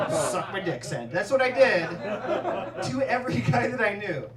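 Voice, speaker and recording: A man doing a stand-up set, telling stories in an animated way and laughing at his own jokes in a comedy club. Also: sits high, normal speed, a crowd in the background. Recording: roomy club sound, mic at a distance, audience laughter.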